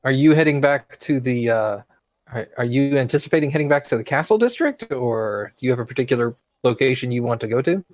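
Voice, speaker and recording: A man taking part as a player in a tabletop game, asking questions in a measured, polite way. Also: medium pitch, lively intonation, darkish tone, dry recording.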